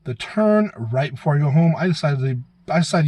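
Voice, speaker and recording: A man's voice: on the high side, animated, moderate pace, dull audio. A man telling a casual, profane, self-mocking story to his viewers as a vlogger.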